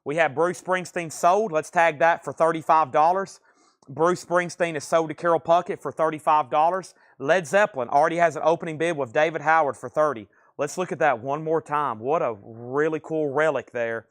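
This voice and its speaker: Male auctioneer, brisk sales patter, slightly high voice. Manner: brisk salesman patter, calling prices and bids. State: out of breath. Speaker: livestream record auctioneer. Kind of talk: live sales stream patter.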